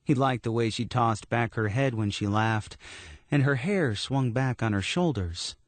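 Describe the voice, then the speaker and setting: A man narrating a horror story audiobook in a steady, measured storytelling manner. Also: mid-range voice, no echo.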